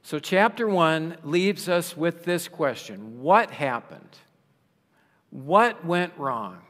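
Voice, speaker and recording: A man delivers a sermon at an unhurried, deliberate pace, pressing on key words and lifting his voice for rhetorical questions. His voice sits a little high for a man. The sound carries a long reverb, as in a large hall. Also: lively intonation, a bit bright. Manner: slow, emphatic, rising for rhetorical questions. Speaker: preacher.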